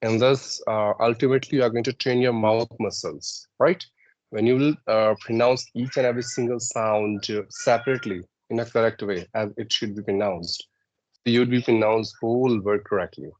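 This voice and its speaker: Guy, lowish voice, talks it through step by step with lots of uhs, kinda dull lo-fi sound. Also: fairly even intonation, moderate pace, a little hiss or hum. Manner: explains step by step, many "uh"s and "right?" checks. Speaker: guest giving English tips. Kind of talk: instructive podcast chat.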